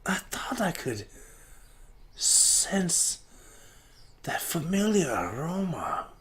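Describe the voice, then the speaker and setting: A man's voice: fairly high pitch, sing-song, drawn-out words, fairly bright tone, pitched above the performer's own voice, heavily acted. A man voicing a pompous, old-fashioned male lord who talks in archaic, theatrical phrases.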